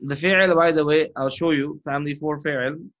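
A man's voice: fairly high pitch, fairly even intonation, normal speed, fairly bright tone. A man teaching Arabic grammar in a live lesson, patient and encouraging, drilling terms aloud. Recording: muffled lo-fi audio.

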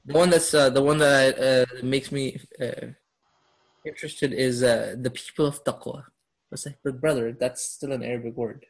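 A man's voice: mid-range voice, steady tone, moderate pace. A man teaching a class on Quranic Arabic, quizzing his students and laughing often. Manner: asks students questions, upbeat with laughs. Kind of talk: classroom lesson.

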